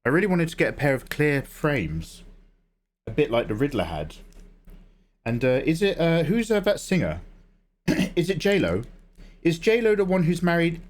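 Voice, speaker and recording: A young man hosting a drawing livestream, chatting casually and rambling between jokes. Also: mid-range voice. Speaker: livestream artist host.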